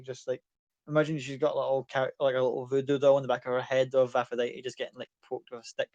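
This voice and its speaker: A man's voice: medium pitch, little pitch movement, fast, darkish tone, no echo, muffled recording. A man running a tabletop game as game master. He describes the scene in a casual, rambling way, with a mid-range voice. The sound is dry and close.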